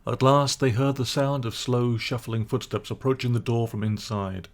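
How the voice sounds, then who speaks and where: A man narrating a classic children's storybook in a calm, measured way. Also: medium pitch. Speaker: audiobook narrator.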